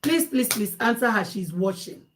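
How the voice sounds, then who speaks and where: A woman with a Nigerian accent recounts a viewer's story to her audience, animated and exasperated, often repeating herself. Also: fairly high pitch, normal speed, a little hiss or hum. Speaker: vlogger giving advice.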